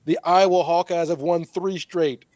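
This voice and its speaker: A man's voice: on the high side, steady tone, moderate pace, darkish tone, dry recording. A man on a sports panel, trading teasing, laughing banter in casual chat.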